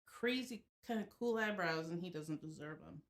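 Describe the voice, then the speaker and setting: A woman co-hosting a podcast, chiming in with quick reactions and asides. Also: on the low side, animated, reverberant, a crowd in the background. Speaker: podcast co-host. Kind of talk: casual chat.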